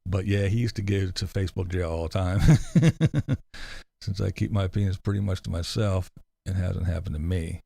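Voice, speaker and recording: Wry, gravelly-voiced man chatting to chat. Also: sits low, normal speed, warm tone. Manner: wry, rambling, sarcastic. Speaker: livestream host. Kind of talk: casual chat reading live comments. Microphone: close desk mic with headphones.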